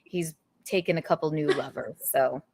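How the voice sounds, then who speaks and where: A woman's voice: low voice, moderate pace, creaky, a little mellow, breathy edge. A young adult woman hosting a podcast, chatting casually and rambling with lots of giggles. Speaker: podcast host. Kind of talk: casual chat.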